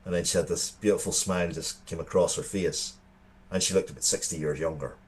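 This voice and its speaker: Irish male co-host, thirties, low register, sincere storyteller. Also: steady tone, a little fast. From Ireland. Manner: earnest storytelling with frequent restarts. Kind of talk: casual chat.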